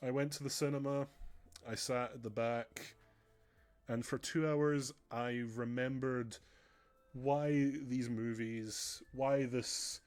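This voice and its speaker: A male streamer talks through a just-chatting stream in an earnest, rambling way. He often stops mid-phrase and starts over. His voice sits at an ordinary middle pitch. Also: darkish tone.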